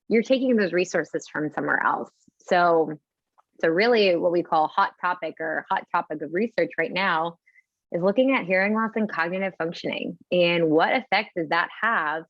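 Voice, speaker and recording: A woman speaking as an audiologist guest in an interview, explaining in a measured way with examples. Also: on the low side, no room sound, muffled recording.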